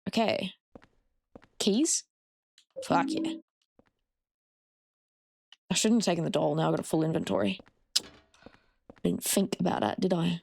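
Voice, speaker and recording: A woman's voice: on the low side, a little slow, gravelly, pauses often, darkish tone, no room sound. A young Australian woman casually chatting with her chat while she plays a horror game, swearing freely. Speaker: streamer. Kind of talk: casual gameplay commentary.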